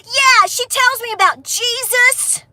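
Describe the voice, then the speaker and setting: A woman putting on a self-pitying online hater, all sarcastic whining in a Southern Appalachian accent. The voice sits high and sounds bright and sharp. It comes across as an obvious send-up. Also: slow pace, no echo, exaggerated voice. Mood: mocking whine.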